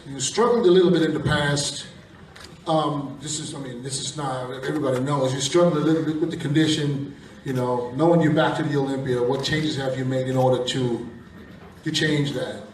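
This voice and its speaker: A man's voice: medium pitch, steady tone, moderate pace, slight background noise. Probing male interviewer, echoey hall. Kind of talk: press conference questions. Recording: echoey room recorded from far off.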